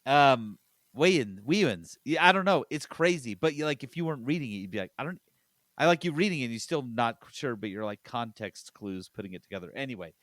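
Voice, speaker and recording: A man's voice: mid-range voice, lively intonation, brisk, fairly bright tone, dry recording. A man in easy, casual podcast chat, chatty and prone to laughing while he retells things. His voice sits in the middle of the male range. The sound is dry and close, with no room around it. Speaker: podcast host.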